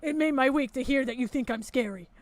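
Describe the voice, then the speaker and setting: A woman mocking a whiny grown man's gruff hero voice. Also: sits high, fast, close to an everyday voice. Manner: whiny, needy, repeating a name. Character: whiny man near forty faking a gruff hero voice.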